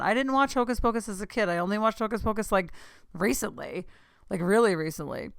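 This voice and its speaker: A young woman hosting a podcast, telling a long excited story in casual chat, gushing and saying "like" a lot. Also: mid-range voice, quick pace, creaky, no echo, clean studio sound. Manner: gushing, excitable, says "like" often. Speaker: podcast host.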